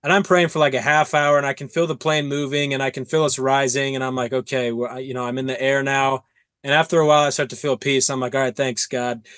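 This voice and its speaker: A man hosting an interview podcast, telling stories in an animated way and acting out his own quotes. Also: mid-range voice, fast talker, smooth, no room sound. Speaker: podcast host. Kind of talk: casual interview chat.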